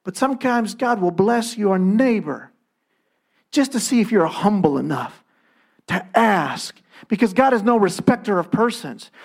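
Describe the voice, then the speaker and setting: A man's voice: sits high, lively intonation, unhurried, vocal fry. A man preaching a sermon in a conversational way, acting out quoted voices as he goes. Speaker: pastor.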